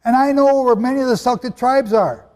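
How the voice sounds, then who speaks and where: Guy preaching to a crowd in a big echoey hall, lively and chatty, high voice. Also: a little fast. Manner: animated, conversational preaching with asides to the audience. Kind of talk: sermon. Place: hall with a live audience. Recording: long hall reverb.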